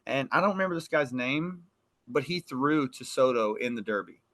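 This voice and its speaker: A young man co-hosting a podcast, telling lively stories and mimicking his old coaches. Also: medium pitch, normal speed. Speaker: podcast co-host. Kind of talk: casual chat.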